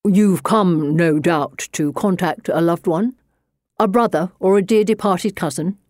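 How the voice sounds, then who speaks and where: A woman voicing a calm, lightly condescending male police inspector in an audiobook. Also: lowish voice, measured pace, no echo, clean studio sound, natural voice. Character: dry, cool-headed male police inspector. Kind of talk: audiobook narration.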